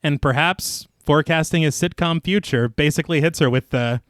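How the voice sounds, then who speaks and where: A man's voice: a little fast, a bit bright, no room sound, studio quality. A man co-hosting a podcast, narrating a scripted film recap with a dramatic storytelling manner and casual asides. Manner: dramatic storytelling, reads movie quotes in a lowered voice, laughs at his own jokes. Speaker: podcast co-host.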